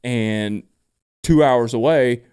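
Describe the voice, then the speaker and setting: A man co-hosting a casual podcast, easygoing and quick to laugh along with his partner. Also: medium pitch, a little mellow, clean tone. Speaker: podcast co-host.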